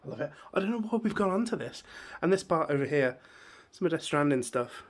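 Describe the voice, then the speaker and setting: Hoarse man rambling on a phone. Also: fairly high pitch, expressive, brisk. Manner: rambling, chatty, easily sidetracked. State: hoarse, losing his voice. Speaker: YouTuber. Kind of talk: casual vlog room tour. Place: bedroom.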